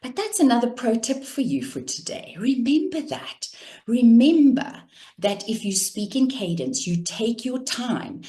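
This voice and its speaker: A woman communication coach giving an instructional talk in a measured, deliberate cadence, demonstrating intonation with her own voice. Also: fairly high pitch, very animated, mellow.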